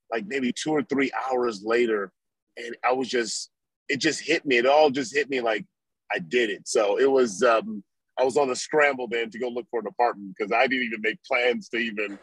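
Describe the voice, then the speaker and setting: Husky-voiced former football player telling stories. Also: male voice, mid-range voice, dry recording, low-quality recording. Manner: animated storyteller, acts out his own past thoughts. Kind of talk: storytelling interview.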